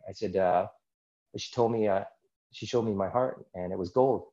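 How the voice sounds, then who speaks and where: A man's voice: deep voice, normal speed, dark tone, dull audio. A man as a podcast guest, earnestly recounting a personal experience in a rambling, casual way with many asides. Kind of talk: personal storytelling in a casual interview.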